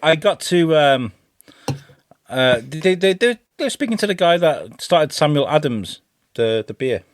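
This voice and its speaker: A man co-hosting a podcast, telling stories in casual chat, animated and swearing freely. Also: a little high, measured pace, dry recording, studio quality. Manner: animated storyteller, swears freely, lively retellings. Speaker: podcast co-host.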